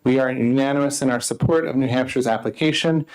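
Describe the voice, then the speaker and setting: Measured male school board member. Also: medium pitch, darkish tone, poor audio. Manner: measured, formal. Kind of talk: formal prepared testimony. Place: legislative committee room.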